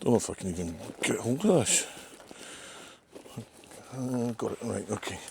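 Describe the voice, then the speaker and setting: A man's voice: fairly low pitch, expressive, normal speed, gravelly, darkish tone. Wry older Scottish man outdoors. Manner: chatty, wry and self-mocking. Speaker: race course sweeper. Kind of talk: casual vlog narration while cycling. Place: outdoors on a coastal trail. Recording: faint outdoor noise.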